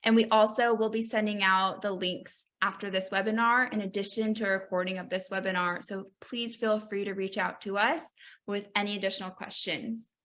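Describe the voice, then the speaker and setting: A woman's voice: medium pitch, sharp tone. A woman hosting a webinar conversation, introducing a mentor and asking questions in an encouraging way, often saying "you know". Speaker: webinar host. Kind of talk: webinar moderation.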